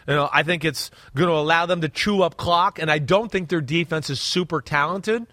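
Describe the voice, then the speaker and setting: A man talking football as an analyst in a casual podcast chat, animated and checking in with "right?" as he goes. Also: on the high side, fairly quick, no room sound.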